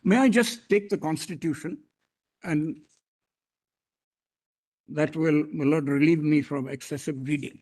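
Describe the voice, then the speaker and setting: This man, with an Indian English accent and a fairly high, slightly mellow voice, argues before a court bench a little slowly, pausing often. His formal pleading is respectful and emphatic; he says "my lord" to the judges and restarts his phrases a lot.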